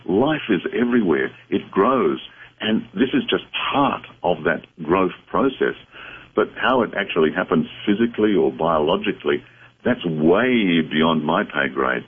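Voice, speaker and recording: A man speaking as a psychic medium guest on a talk radio show, explaining in a measured, reflective way. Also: sits low, lively intonation, slightly rough. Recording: phone-line sound.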